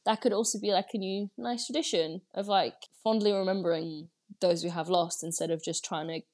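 A young woman speaks as a podcast guest. Her talk is casual and reflective, full of filler "like"s. Her pitch sits in an ordinary middle range. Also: fairly even intonation, fairly quick, a little mellow. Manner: chatty and reflective, many fillers like "like". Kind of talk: casual conversational interview.

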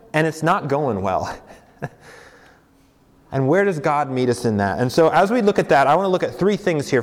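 Conversational young pastor in a reverberant hall. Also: male voice, fairly high pitch. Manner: conversational with fillers and self-corrections. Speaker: campus pastor. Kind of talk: sermon.

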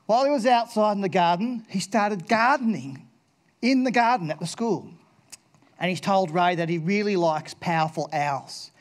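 A man with a notably high-pitched voice tells a story to an audience of children. His delivery is animated and theatrical, jumping into playful voices, then sinking low and quiet when the point turns serious. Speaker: speaker addressing schoolchildren.

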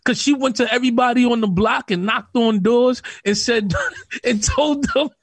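A man from Queens with a New York accent, co-hosting a casual podcast. His voice is high and recorded dry and close. He tells stories with gusto and acts out the other people in them. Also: moderate pace, dry recording. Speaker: podcast co-host. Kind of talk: casual storytelling chat.

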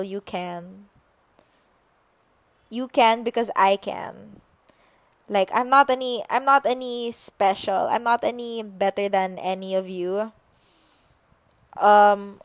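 A young woman hosting a solo podcast, musing unhurriedly with pauses and fillers. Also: medium pitch, dry recording. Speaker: podcast host. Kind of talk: reflective solo podcast talk.

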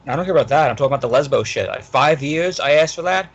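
A man's voice: a little high, lively intonation, fast talker, highs cut off. A man guest on a casual podcast who rants angrily and profanely, often repeating himself.

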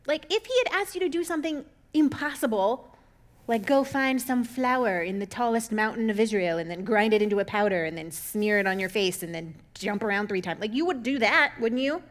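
Chatty woman retelling a Bible story. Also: fairly high pitch. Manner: chatty and jokey, voices characters with sarcastic asides.

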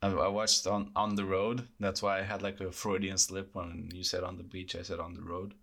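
Low-voiced joking man, halting. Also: flat delivery, vocal fry, fairly bright tone. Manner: joking, halting with stammered restarts. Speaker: podcast co-host. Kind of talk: casual chat.

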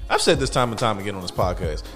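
A man's voice: on the low side, animated, fast, fairly bright tone, faint music behind. A young man co-hosting a podcast in loose, joking casual chat, swearing freely. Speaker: podcast co-host.

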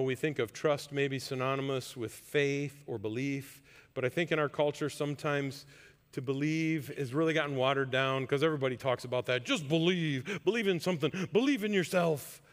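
Earnest male preacher in a reverberant hall. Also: medium pitch. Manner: earnest, conversational preaching with rising emphasis. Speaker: pastor. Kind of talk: sermon.

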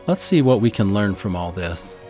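A man's voice: on the low side, big pitch swings, darkish tone, faint music behind. Eager man teaching a scripture lesson. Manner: eager, deliberate, spells out pronunciations. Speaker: podcast co-host teaching scripture.

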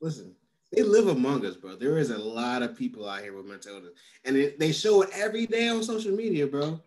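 A man hosting a podcast in casual chat, animated and rising in pitch when he makes a point. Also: a little fast. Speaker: podcast host.

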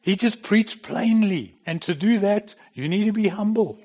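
A man's voice: high voice, animated, moderate pace, a little mellow. A middle-aged man preaching a sermon in a plain, conversational way, with bursts of emphasis. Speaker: pastor.

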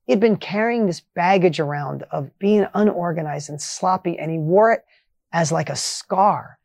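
A man hosting a motivational podcast, telling a coaching story with emphatic energy that swings between loud highs and quiet asides. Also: moderate pace, creaky, dry recording, studio quality.

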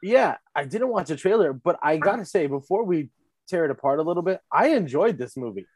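A man co-hosting a casual movie review chat, animated and rambling, laughing often. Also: on the high side, a little fast, breathy edge, no room sound. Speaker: podcast co-host.

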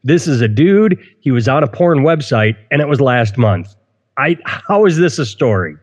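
A man's voice: medium pitch, sing-song, normal speed, in a large hall. Amused man hosting a casual chat. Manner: wry, amused, reads out quotes. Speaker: podcast host. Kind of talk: casual comedic news chat. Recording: slightly dull lo-fi sound.

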